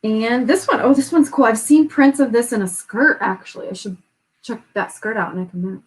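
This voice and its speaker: Excited woman, higher voice, casual live-stream co-host, gushing and giggly. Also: fairly quick, rough recording. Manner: excited, gushing, laughs often.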